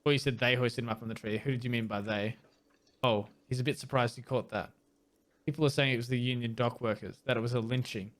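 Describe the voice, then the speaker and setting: A man's voice: mid-range voice, fairly even intonation, fast talker. Man reading game dialogue aloud. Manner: reads text plainly, mixed with wry asides; trips over hard words and restarts. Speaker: let's play host.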